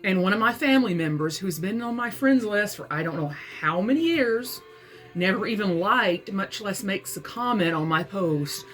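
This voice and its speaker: A woman with a Southern accent rants in fury, swearing hard and hitting her words with force. She sounds like she's from Alabama, and her pitch sits in a middle range. Soft music plays faintly behind her. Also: very animated, moderate pace. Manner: furious, profane, emphatic. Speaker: vlogger and author. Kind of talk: angry personal rant.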